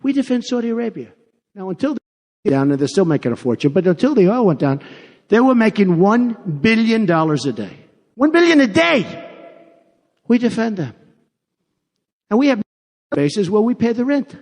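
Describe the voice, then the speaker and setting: A man's voice: high-pitched, sing-song, normal speed, pauses often, dark tone. A man giving a campaign rally speech. He talks off the cuff, repeats himself and boasts. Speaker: political candidate. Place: large rally venue. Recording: long arena reverb.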